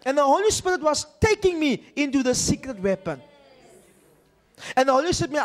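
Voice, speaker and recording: High, lively male preacher. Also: a little fast, pauses often. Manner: animated, repetitive preaching, checks in with the congregation. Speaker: pastor. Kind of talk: sermon.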